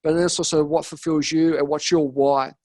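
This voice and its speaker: A man's voice: on the high side, a little fast, dry recording. An Australian man, a podcast guest, talking casually and telling stories with energy, acting out the voices of the people he quotes. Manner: energetic storytelling, acts out quoted dialogue. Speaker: podcast guest, business coach. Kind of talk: casual interview talk.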